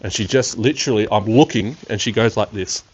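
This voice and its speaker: A young man hosting a podcast, telling a story in a loose, excitable way, swearing freely and laughing often. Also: fairly low pitch, brisk, breathy edge, muffled recording. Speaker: podcast host. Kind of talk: casual storytelling.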